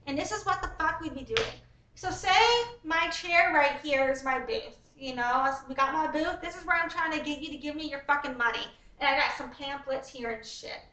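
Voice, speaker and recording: A woman's voice: high voice, normal speed, pushed and bright, a little hiss or hum, low-quality recording. A woman reading her own business ebook aloud, then explaining it in a blunt, profane, rambling way.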